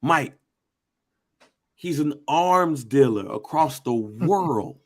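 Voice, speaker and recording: A man with an American accent chatting casually on a podcast, slangy and animated, acting out quotes in voices. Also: mid-range voice, very slow. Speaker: podcast co-host.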